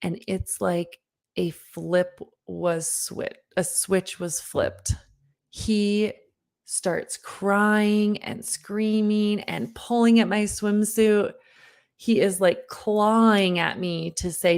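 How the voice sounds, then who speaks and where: A woman in her thirties, a parenting coach, giving an online workshop talk and telling a personal story with lively, earnest direct address to the listener. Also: mid-range voice, drawn-out words, clear, resonant tone. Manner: lively storyteller who acts out her own past lines.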